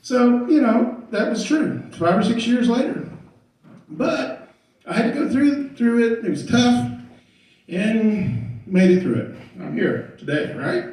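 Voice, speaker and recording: Animated middle-aged man, echoey distant comedy set. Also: very high voice, slow pace. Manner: animated, loud acted-out quotes, laughing through lines. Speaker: stand-up comedian. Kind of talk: stand-up storytelling. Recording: echoey room, far from the mic, loud noise.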